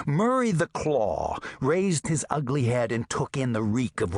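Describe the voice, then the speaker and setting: A man reading an audiobook aloud with lively rises and falls in pitch. His voice is slightly husky and sits close and dry on the mic. The telling is expressive and storybook-like. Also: measured pace, hardly any pauses, no echo. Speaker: audiobook narrator. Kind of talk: scripted audiobook narration.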